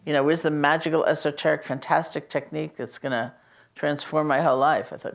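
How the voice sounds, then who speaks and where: A woman meditation teacher speaking in a conversational, storytelling way, gently emphatic as she teaches about loving kindness. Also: deep voice, steady tone, a little fast, vocal fry. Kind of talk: reflective teaching talk.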